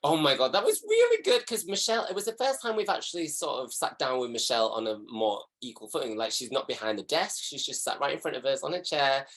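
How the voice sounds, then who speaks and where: Lively, chatty Yorkshire man. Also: quick pace, few pauses. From West Yorkshire, England. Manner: chatty, giggly, swoops into high voices for quoted lines. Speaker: guest, drag performer. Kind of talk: casual interview chat.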